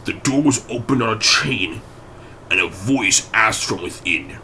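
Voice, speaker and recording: Bright, animated male audiobook narrator. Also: on the low side, a little slow, slight background noise, rough recording. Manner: dramatic, expressive reading.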